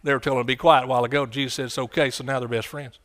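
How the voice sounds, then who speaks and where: A man preaching a sermon, swinging from quiet, low lines to loud, shouted ones. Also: little pitch movement, very fast. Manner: impassioned, rising to shouts and dropping low.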